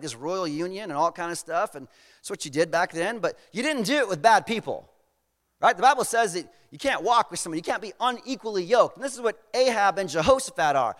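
High-voiced casual preacher. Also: male voice, fairly bright tone, in a large hall. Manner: casual, paraphrasing with slang. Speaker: pastor. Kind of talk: sermon storytelling.

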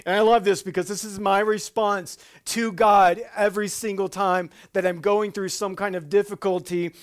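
Male preacher, sermon, slightly high voice, animated humor, quiet earnest stretches, frequent restarts. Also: smooth. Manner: drops to a slow, quiet, earnest tone on solemn points.

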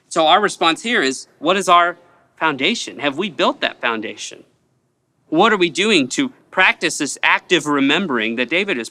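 Guy preaching a sermon, kinda high voice, bright and forceful, earnest, keeps repeating stuff for emphasis. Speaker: pastor.

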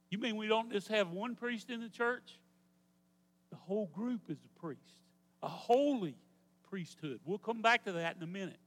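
A man's voice: high-pitched, fairly bright tone, long reverb tail. A man preaching a sermon as pastor, teaching his congregation and having them repeat words after him. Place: church sanctuary.

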